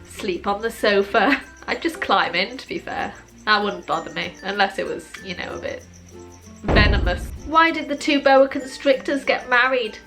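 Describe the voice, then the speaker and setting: A woman reading a long list of pun jokes, landing the punchlines slowly and dryly and adding wry asides. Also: mid-range voice, gravelly, music in the background. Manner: dry, slow deadpan punchlines with wry self-commentary. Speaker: joke video creator.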